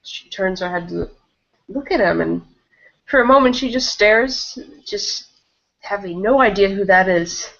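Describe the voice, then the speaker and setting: A woman describing her character's actions in a tabletop game, slow and amused, on a muffled recording. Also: mid-range voice, vocal fry, fairly bright tone. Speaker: player.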